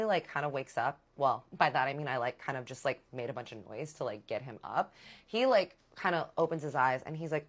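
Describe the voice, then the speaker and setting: A woman telling a personal story in casual chat, candid and animated, swearing freely and acting out dialogue. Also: low-pitched.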